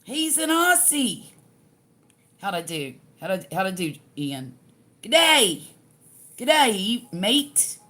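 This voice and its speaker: A woman's voice: lowish voice, very animated, takes it slowly, sharp tone. An older woman with a Southern US accent chatting casually, folksy, reading out viewer comments and laughing often. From US Gulf Coast. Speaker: livestream crafting host.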